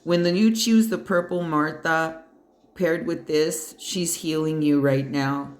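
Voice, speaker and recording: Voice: mid-range voice, fairly even intonation, slow. A tarot card reader giving a pick-a-pile reading. The reader talks bluntly and emphatically, swears freely and speaks straight to the listener with encouragement. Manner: encouraging, addresses the listener directly. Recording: roomy echo.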